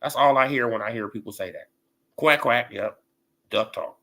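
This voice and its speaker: A man's voice: on the low side, fairly quick, vocal fry. A man ranting casually about boxing on a livestream, full of laughs and repeated fillers. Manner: laughing, animated, repetitive fillers. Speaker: boxing commentator.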